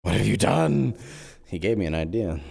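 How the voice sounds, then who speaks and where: A man in an in-character role-play stream, talking in an excitable, scheming way. His pitch moves a lot, and he jumps between jokes and plans. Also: moderate pace, creaky, breathy edge.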